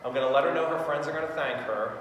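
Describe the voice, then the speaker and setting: A man with a fairly high, rather bright voice talks at a rapid clip while running an upbeat sales training session. He role-plays both ends of phone calls to model how they should sound. The recording has an echoey hall feel with faint background noise.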